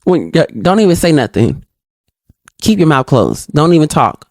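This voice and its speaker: A woman hosting a solo podcast, reading out reflection questions and answering them in an animated, outspoken way, talking straight to her listeners and acting out little exchanges. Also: normal speed, dry recording. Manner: acts out little dialogues in higher voices. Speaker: podcast host.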